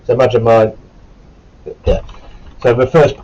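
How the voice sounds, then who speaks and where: This man, a former Marine recruit, rambles through a casual story to the camera, his sore throat prone to coughing as he swears and corrects himself. His voice sits fairly low with fairly even intonation, and he speaks unhurriedly in a warm tone. The audio is dull.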